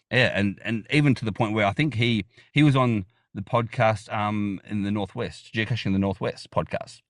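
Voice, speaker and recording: A man's voice: fairly low pitch, no echo, clean studio sound. A man with an Australian accent, a podcast guest chatting enthusiastically, rambling with restarts and fillers. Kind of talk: casual interview chat.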